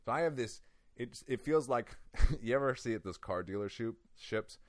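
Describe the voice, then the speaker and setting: A man telling a personal story in casual conversation, animated and laughing often, with lots of "like". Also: medium pitch, normal speed, no room sound, studio quality. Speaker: guest.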